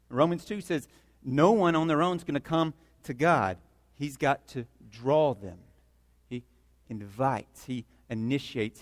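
A man preaching a sermon, emphatic and building through repeated phrases to loud peaks. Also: medium pitch, big-room sound. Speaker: pastor.

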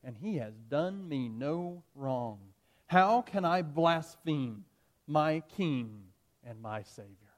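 A man voicing an elderly Christian martyr who calmly and slowly declares his faith to his judge. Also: fairly high pitch, close to an everyday voice. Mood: solemn. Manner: slow, solemn, drawn-out declarations. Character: defiant elderly male Christian martyr, calm and firm.

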